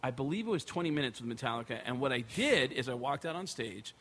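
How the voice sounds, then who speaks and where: A male stand-up comedian telling stories in a casual chat, animated, swearing a lot and acting out the people in them. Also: medium pitch, quick pace.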